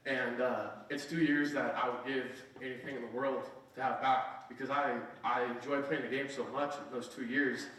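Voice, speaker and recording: A man's voice: medium pitch, fairly even intonation, normal speed, hardly any pauses, fairly bright tone, far from the mic, a little hiss or hum. Young man telling his story in an echoey hall. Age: 20s. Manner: casual, earnest, frequent "right?" asides. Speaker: keynote speaker. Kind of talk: storytelling speech to an audience. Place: conference hall.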